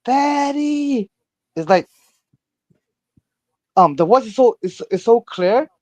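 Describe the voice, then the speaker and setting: A man's voice: high voice, animated, measured pace, a little mellow, no room sound. A man calling in, telling a story casually in a rambling way, full of fillers and stammered repeats. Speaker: caller.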